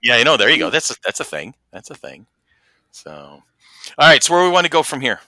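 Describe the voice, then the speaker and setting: A man in his forties co-hosting a podcast, chatting in an animated, laughing way and wandering off on tangents. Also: medium pitch, a little fast, no echo. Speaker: podcast co-host. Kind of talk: casual chat.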